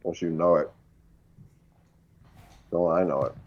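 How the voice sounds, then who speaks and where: A man's voice: low voice, steady tone, slow, highs cut off. A man hosting a live stream, chatting casually while eating. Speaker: streamer host. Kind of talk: casual chat.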